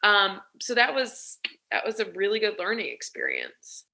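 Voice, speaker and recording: A woman's voice: medium pitch, huge pitch swings, normal speed, creaky, sharp tone. A woman guest and business coach in casual interview chat, talking freely with many "like" and "you know" fillers. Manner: chatty, restarts and fills with "like" and "you know".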